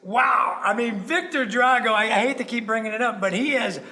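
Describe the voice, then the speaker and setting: A man's voice: extremely high pitch, fairly quick, pushed and bright. A man hosting a talk show, enthusiastic and laughing often as he hypes up his guest. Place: studio.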